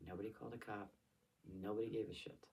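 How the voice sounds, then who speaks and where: A tearful middle-aged woman vlogging a raw emotional monologue to her father, swinging between loud anger and hushed whispers. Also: rumbling low, fairly even intonation, fast, creaky. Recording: voice a bit far from the mic.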